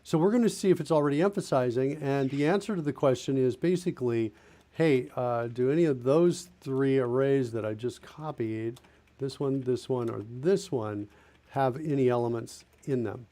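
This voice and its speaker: A man's voice: mid-range voice, normal speed, mellow. A man streaming a live coding session, thinking aloud as he types and corrects himself. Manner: thinking aloud while typing, self-correcting. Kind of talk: casual live-coding narration.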